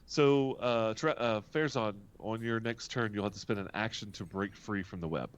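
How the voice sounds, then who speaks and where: A man running a tabletop game as game master, laid-back and animated as he narrates and makes rulings. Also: lowish voice, normal speed, background noise.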